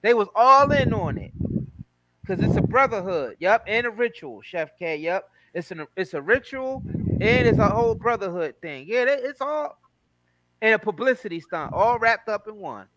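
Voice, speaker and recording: High-voiced emphatic man chatting. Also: moderate pace, a little hiss or hum, rough recording. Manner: animated, emphatic, slangy. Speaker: host. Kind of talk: casual chat.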